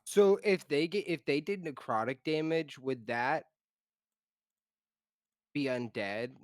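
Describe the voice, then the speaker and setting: A man's voice: fairly high pitch, takes it slowly, no echo, clean studio sound. A man playing a tabletop game, playful and asking rules questions. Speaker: player. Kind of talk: casual chat.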